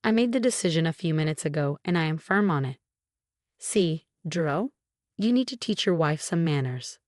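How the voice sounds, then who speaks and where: A domineering older mother-in-law, indignant and self-pitying, as a woman reads her lines. The voice sits low and sounds dry and close, with no room around it. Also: lively intonation, normal speed, a little mellow, dry recording. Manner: indignant, complaining.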